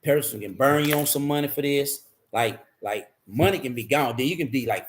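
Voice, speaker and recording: A man's voice: medium pitch, fairly quick, few pauses. A man candidly telling his life story in a rambling, profane way, repeating himself as he goes.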